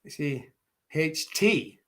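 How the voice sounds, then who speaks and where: An Irish man speaking a little above the usual male pitch, chatting casually as a guest over a video call. He tells stories in a loose, rambling way, restarting his sentences and laughing often. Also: animated, takes it slowly, pushed and bright. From Ireland. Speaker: martial arts instructor, guest. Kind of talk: casual chat.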